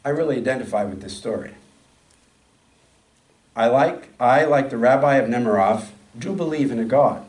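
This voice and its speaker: A man at a mid pitch tells a story slowly and steadily during a sermon. His voice echoes through a large room and sounds distant from the microphone. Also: darkish tone. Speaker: speaker. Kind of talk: sermon with a read-aloud story.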